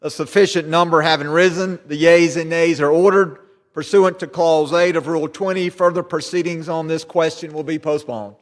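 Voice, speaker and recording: A man presiding over a legislative session, reading routine procedural calls briskly. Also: on the high side, steady tone. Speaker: presiding officer. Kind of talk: formal parliamentary procedure. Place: large legislative chamber. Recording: long reverb of a large chamber.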